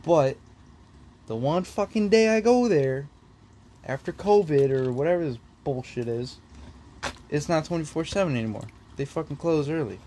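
A man's voice: on the high side, animated, normal speed, dark tone. A young man in casual chat, ranting bluntly and swearing a lot. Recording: faint background noise.

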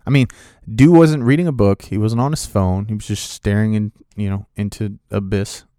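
A man casually telling a story from his own life, loose and lively, slipping into the voices of the people he quotes. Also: on the low side, normal speed, clean tone, no room sound, clean studio sound. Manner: animated, acts out other people's voices in quotes; loose, filler-heavy delivery with restarts. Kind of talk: casual spoken anecdote.

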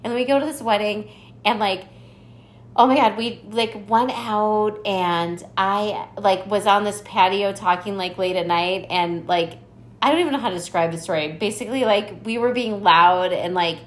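Young woman, podcast co-host, casual chat, animated storytelling, lots of fillers, swearing, mid pitch. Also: moderate pace.

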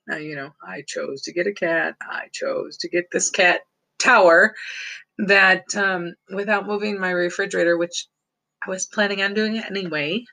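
A woman's voice: on the low side, bright, forceful tone, low-quality recording. A woman telling a personal story in a casual, rambling way, chuckling often between phrases.

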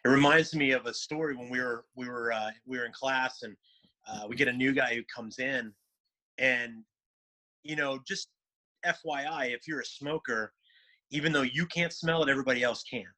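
A man's voice: medium pitch, moderate pace, sharp tone, poor audio. A man co-hosting a casual podcast, cracking dry jokes and telling a laid-back story. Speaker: podcast co-host.

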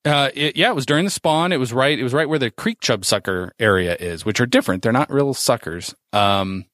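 A man's voice: mid-range voice, lively intonation, fairly quick, fairly bright tone, no room sound, studio quality. A man hosting a podcast, rambling casually with many fillers and reading out a news story. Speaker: podcast host.

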